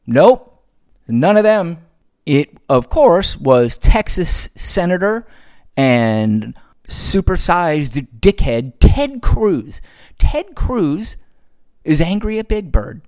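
A man's voice: on the high side, big pitch swings, slow, darkish tone. A man hosting a solo podcast, ranting sarcastically with frequent profanity. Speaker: podcast host.

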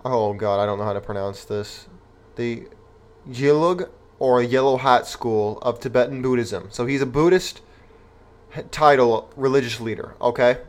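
A man's voice: medium pitch, normal speed. A young man hosting an opinion commentary show, reading news aloud and reacting with rhetorical, indignant outrage.

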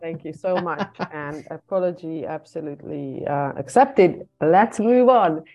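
A woman co-hosting a casual podcast, warm and encouraging, chatting in an animated way. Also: deep voice, a little slow, dull audio. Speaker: podcast co-host.

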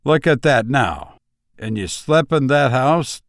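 A man's voice: mid-range voice, lively intonation, slow pace, vocal fry, no room sound, clean studio sound. A man doing a quavering superstitious country old-timer. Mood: excited. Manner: folksy country dialect, quavering.

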